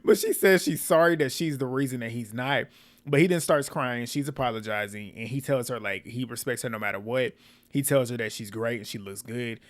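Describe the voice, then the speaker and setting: Male YouTube recapper, casual and outspoken, mid-pitched everyday voice. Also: a little fast. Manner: blunt, animated, swears and laughs often. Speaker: reality TV recap host.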